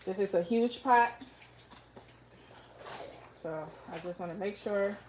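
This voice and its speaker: A woman's voice: mid-range voice, takes it slowly, a little mellow. Woman cooking live in her kitchen, chatty, talks right to the viewers, bit of faint noise behind. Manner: chatty, talks straight to viewers, reads out comments. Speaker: cooking livestream host. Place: home kitchen.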